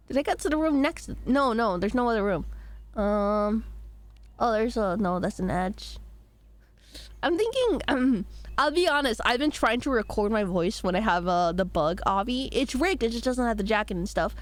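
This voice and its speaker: Casual woman game streamer, slightly hoarse, playful and giggly, a touch high-pitched. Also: no echo.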